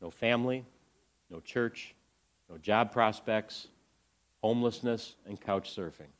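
Man, ministry speaker, earnest storytelling talk, drops quiet then lifts with excitement, lower pitch. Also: a little slow. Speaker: ministry speaker presenting to a church audience.

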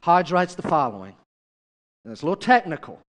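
A man's voice: fairly high pitch, big pitch swings, brisk, fairly bright tone, long reverb tail. A male pastor preaching a sermon, chatty and direct, often turning to the congregation with questions.

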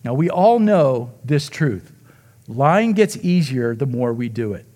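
A man preaching a sermon as pastor, retelling the story dramatically, acting out the quoted voices and dropping to a near hush at emotional moments. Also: medium pitch, sing-song, unhurried.

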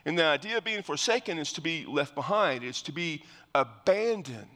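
A man's voice: on the high side, animated, normal speed, pushed and bright, long reverb tail. A male pastor preaching verse by verse in an earnest, explanatory way, often restarting his phrases. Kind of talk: verse-by-verse sermon.

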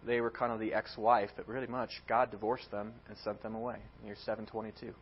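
A man preaching a sermon in an animated way, acting out quoted words as he tells the story. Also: lowish voice, fast talker, highs cut off, slight background noise.

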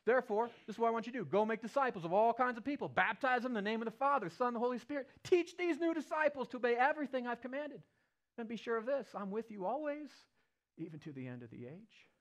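A man voicing a calm, friendly risen Jesus. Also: very high-pitched, quick pace, pitched above the performer's own voice, heavily acted. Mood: commissioning.

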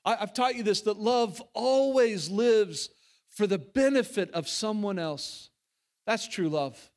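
A man preaching a sermon as the pastor of his church. He talks earnestly, with frequent restarts and repeated words, and he swings between emphatic lines and hushed ones. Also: high-pitched, expressive, slow pace.

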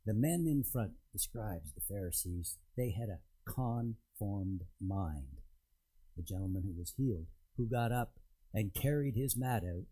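Husky, dark-voiced male preacher. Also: lowish voice, lively intonation, low-quality recording. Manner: storytelling, conversational with emphatic pauses. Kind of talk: sermon. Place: church in front of a congregation.

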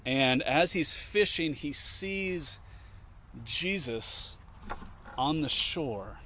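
A man's voice: a little high, animated, very slow, pushed and bright, slight background noise. A man giving an informal teaching talk, conversational, with many fillers and restarts, acting out quoted lines as he retells scenes. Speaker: Christian teacher.

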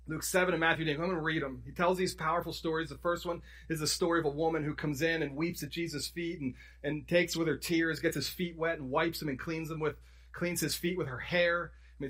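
Husky-voiced man preaching a sermon. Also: on the high side, a bit bright. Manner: conversational preaching, restarts and self-corrections, emphatic storytelling. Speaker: pastor.

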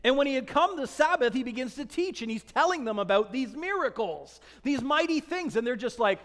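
A man preaching a sermon, animated and acting out the voices of people in scripture passages. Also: very high voice, fairly quick, big-room sound. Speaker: pastor.

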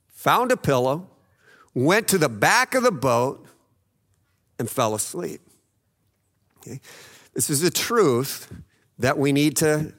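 Man, pastor, high-pitched voice, conversational sermon, acts out quoted voices. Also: fairly bright tone, in a large hall. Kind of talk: sermon retelling a Bible story.

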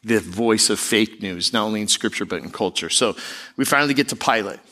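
Animated preaching man. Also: on the low side, brisk. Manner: animated preaching with mocking put-on voices. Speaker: pastor. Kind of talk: sermon.

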